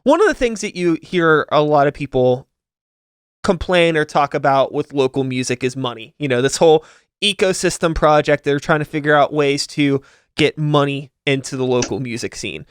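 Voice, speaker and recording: Chatty podcast host, crisp and dry. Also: male voice, on the high side, expressive, normal speed, no echo. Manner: rambling, filler-heavy, upbeat sing-song outro. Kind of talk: casual interview chat.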